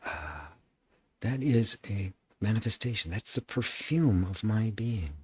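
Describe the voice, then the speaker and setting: Low husky-voiced man, spiritual teacher. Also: no echo. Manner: musing, stops and restarts, often adds "right?". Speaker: spiritual teacher hosting a live Q&A. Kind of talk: reflective spiritual teaching, answering chat comments.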